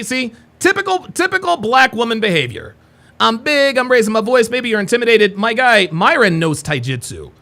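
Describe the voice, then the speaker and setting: Mocking, bright-voiced male stream host. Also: fairly high pitch. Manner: blunt, mocking, swears freely. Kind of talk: live stream reaction commentary.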